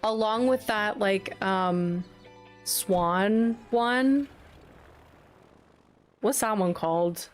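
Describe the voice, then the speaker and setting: A young woman hosting a livestream, chatting casually with her viewers in an animated, giggly way. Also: medium pitch, very slow, pauses often. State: sniffly, eyes watering. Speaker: livestream host. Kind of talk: casual chat with live chat. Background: soft background music.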